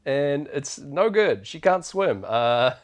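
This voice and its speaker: A man's voice: on the high side, very animated, slow. A man, casually co-hosting a podcast and recapping a film in a laid-back, slangy way, laughing often. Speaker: podcast co-host.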